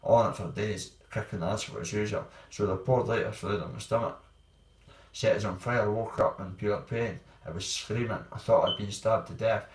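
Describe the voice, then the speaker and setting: Scottish man, low voice, blunt rambling storytelling, roomy echo, set back from the mic. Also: fairly even intonation, normal speed. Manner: blunt, rambling, swears freely. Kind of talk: candid personal storytelling. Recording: roomy sound, distant from mic.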